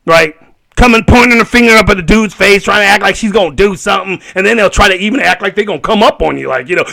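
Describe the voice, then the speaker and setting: A man hosting a solo podcast, ranting in an animated way and laughing often. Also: high voice, quick pace, vocal fry. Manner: animated and laughing, acts out voices. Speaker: podcast host.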